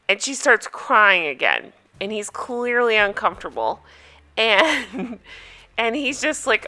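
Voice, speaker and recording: A woman's voice: a little high, animated, takes it slowly, pushed and bright. A woman chatting casually with viewers as she recaps a reality show, amused and talkative.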